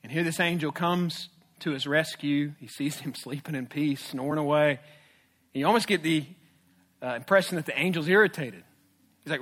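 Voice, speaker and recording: A male pastor preaching a sermon, animated, with swings from hushed to loud. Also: fairly high pitch, moderate pace.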